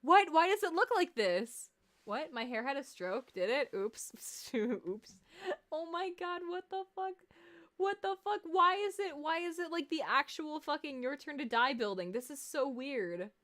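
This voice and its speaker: A woman streaming a game reaction, gushing excitedly, swearing a lot and squealing at things she loves. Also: high voice, measured pace. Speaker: streamer hosting a watch party.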